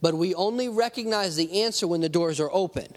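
A man's voice: high voice, fairly quick. A male pastor preaching a conversational sermon, acting out little voices and talking straight to the congregation. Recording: long hall reverb.

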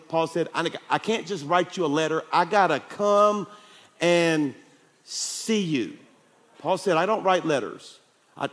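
A middle-aged male pastor delivers a sermon with a somewhat high voice. He tells stories with animated energy, and his voice often climbs and swells at the big moments. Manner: animated storytelling, voice rising and getting louder at peaks.

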